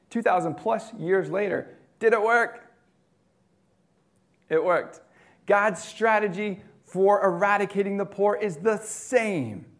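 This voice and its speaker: Gravelly conversational male preacher. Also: high-pitched. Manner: conversational, wide swings from loud to quiet. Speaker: pastor. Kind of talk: sermon.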